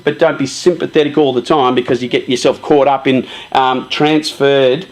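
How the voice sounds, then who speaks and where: A man giving a casual, lively talk to a youth group, often saying "you know" and "um". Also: medium pitch, normal speed.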